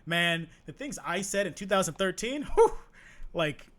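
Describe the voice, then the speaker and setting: A man's voice: sits high, animated, a little slow, a bit bright. A man giving casual, slangy commentary on a clip, speaking straight to his viewers. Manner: laid-back, slangy, addresses viewers directly. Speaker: reaction streamer.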